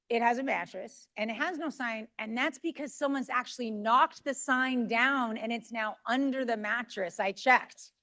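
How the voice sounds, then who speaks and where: A woman giving a lively, conversational conference talk, asking the audience questions as she presents a workshop. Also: fairly high pitch. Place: conference room.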